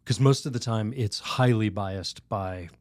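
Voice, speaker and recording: A man, a priest on a podcast, telling a story and teaching in a lively, rambling way. He laughs often and restarts his sentences. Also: lowish voice, measured pace, no echo, studio quality. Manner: animated, laughs while telling stories; rambling restarts, many "you know"s. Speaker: Catholic priest, podcast guest.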